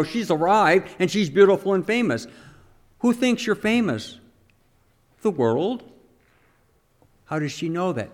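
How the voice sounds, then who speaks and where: A man's voice: fairly high pitch, long reverb tail. A man preaching a sermon as a priest, conversational and asking the congregation questions. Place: church.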